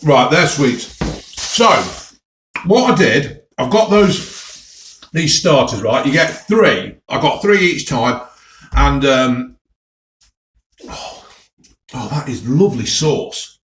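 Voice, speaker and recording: Midlands bloke doing a food vlog, chatty and excited, bouncy voice, roomy echo. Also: male voice, medium pitch, slow, pauses often. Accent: English Midlands. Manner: chatty, enthusiastic, talks to viewers as folks. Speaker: food vlogger. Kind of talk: casual food tasting vlog.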